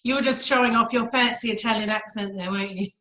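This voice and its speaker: A woman's voice: fairly high pitch, steady tone, fast talker, sharp tone. Enthusiastic woman in an echoey room. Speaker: co-host of a wine show. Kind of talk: casual chat.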